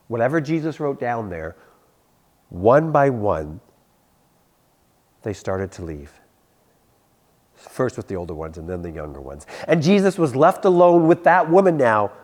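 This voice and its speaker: Medium in pitch and measured in pace, with long pauses, the young adult youth pastor preaches to a youth audience. Lively throughout, he voices characters in his stories and laughs at his own jokes.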